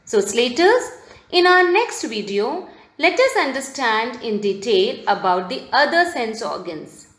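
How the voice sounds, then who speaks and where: A woman teacher giving a recorded video lesson for children, speaking slowly and spelling words out letter by letter. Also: fairly high pitch, big pitch swings, a bit bright. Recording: roomy echo.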